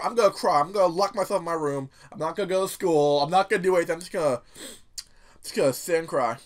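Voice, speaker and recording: A teenage man giving casual, rambling let's-play commentary, excitable and quick to swear. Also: a little high. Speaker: gameplay commentator. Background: game music.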